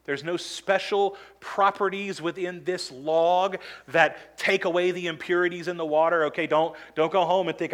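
A man's voice: on the high side, moderate pace, hardly any pauses, fairly bright tone. A man preaching a sermon as pastor, earnest and emphatic, acting out quoted complaints now and then.

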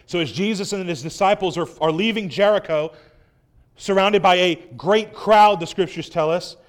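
Male preacher with a high voice, dramatic sermon reading. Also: moderate pace. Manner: dramatic scripture reading, swelling loud then dropping soft. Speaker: pastor.

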